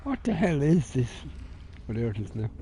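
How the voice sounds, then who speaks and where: A man narrates his own gameplay in a loose, muttering way, grumbling about the route and swearing quietly under his breath. His voice sits at a middle pitch, with a faint hum of noise in the background. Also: big pitch swings, moderate pace. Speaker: gamer. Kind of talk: let's-play commentary.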